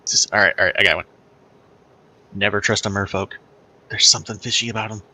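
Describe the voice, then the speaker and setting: A man's voice: lowish voice, steady tone, moderate pace, pushed and bright. A man voicing an eager, bouncy male copper dragon who loves riddles and puns. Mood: joking. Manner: eager, bouncy, joke-telling.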